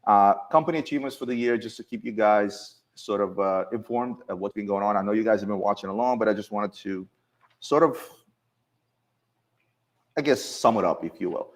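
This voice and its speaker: A man hosting a casual chat with coworkers in an office, telling stories in an animated way and often restarting his sentences. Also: on the low side, fairly quick. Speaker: show host.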